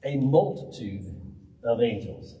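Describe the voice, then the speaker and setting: A man's voice: mid-range voice, slow. A man preaching a folksy, humorous storytelling sermon in a church. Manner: animated, humorous, conversational. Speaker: pastor. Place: church hall. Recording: roomy hall, distant mic.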